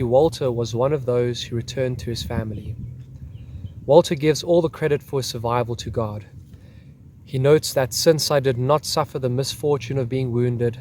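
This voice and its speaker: A man's voice: mid-range voice, a little mellow, slight background noise. A man hosting a history video, talking casually and reading out a soldier's account. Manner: chatty, repeating "crazy, hey?".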